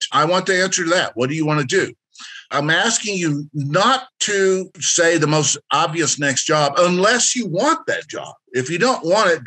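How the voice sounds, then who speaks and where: A man with a bright, forward voice running an interactive career workshop. He speaks directly and instructively and keeps encouraging the people taking part. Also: on the high side.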